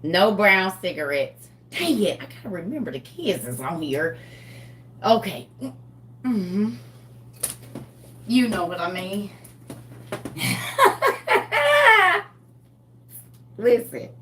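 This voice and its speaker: A woman's voice: medium pitch, huge pitch swings, extremely slow, long pauses, a bit bright, slight background noise. A woman hosting a live group chat, talking casually in a playful, teasing way and laughing often. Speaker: host of a live reading group.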